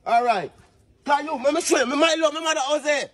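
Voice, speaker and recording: A man's voice: very high voice, fairly bright tone. A man with a Jamaican accent talking heatedly in patois, pressing his points and demanding agreement. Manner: emphatic, rapid-fire, keeps demanding agreement. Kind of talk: heated street talk in patois.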